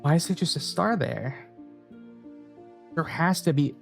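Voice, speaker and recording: A man streaming a game, musing aloud to his chat and reading the story text out loud. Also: a little high, unhurried, vocal fry, soft background music. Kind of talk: game let's play with read-aloud text.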